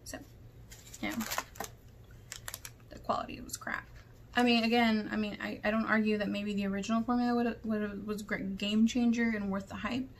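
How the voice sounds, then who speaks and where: A woman's voice: medium pitch, flat delivery, fast, few pauses, a little hiss or hum. A woman beauty vlogger talking candidly in a rambling rant, sometimes dropping into whispers. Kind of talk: casual vlog rant.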